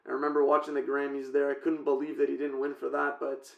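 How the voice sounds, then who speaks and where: A young man co-hosting a podcast, talking casually about an album in a relaxed, rambling way with "um" and "like.". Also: mid-range voice, fast, vocal fry. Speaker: podcast co-host. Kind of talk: casual music chat. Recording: roomy echo.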